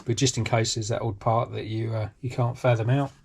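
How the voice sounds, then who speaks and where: A man's voice: mid-range voice, flat delivery, brisk, gravelly, darkish tone, slight background noise. Rambling British man unboxing hobby parts. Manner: rambling, lots of ums and restarts, enthusiastic. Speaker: RC hobby channel host. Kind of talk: casual unboxing commentary. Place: home workshop.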